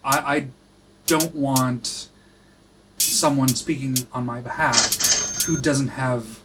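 A man co-hosting a podcast, answering in a thoughtful, measured way. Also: medium pitch, fairly even intonation, very noisy. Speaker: co-host. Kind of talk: casual chat.

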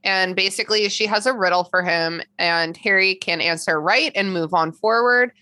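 A woman's voice: medium pitch, normal speed, pushed and bright. A woman co-hosting a podcast, chatty and casual, swearing now and then. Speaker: podcast co-host. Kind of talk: casual chat.

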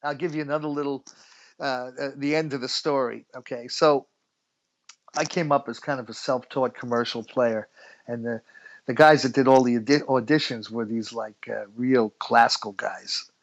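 A man's voice: mid-range voice, fairly even intonation, moderate pace, creaky. Middle aged guy rambling through stories, lots of "you know", kinda dull lo-fi sound. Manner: chatty, laughs often, many fillers. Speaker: guest musician. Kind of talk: relaxed storytelling interview.

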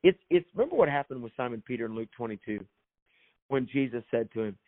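A man's voice: mid-range voice, animated, fast talker, no room sound. A man, an author and minister, telling his faith story as a guest in an emphatic, preacherly way and repeating phrases for effect. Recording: thin phone-like sound, dry.

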